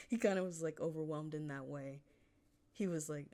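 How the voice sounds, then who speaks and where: A woman's voice: low-pitched, sing-song, measured pace, pauses often, dark tone. A woman author casually talking through a chapter she wrote, rambling, laughing often and swearing now and then. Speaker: fan fiction author.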